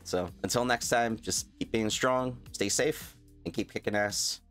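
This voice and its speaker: A man's voice: fairly low pitch, measured pace, fairly bright tone, soft background music. A young man vlogging his reaction in a rambling, stuttering way, laughing at himself. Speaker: YouTuber reacting to a clip. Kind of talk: casual reaction vlog.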